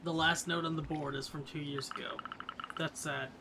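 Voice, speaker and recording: A man's voice: a little high, level tone, normal speed. A man streaming a video game live, reading its dialogue and making chatty, joking asides. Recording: noisy stream mic with clicks.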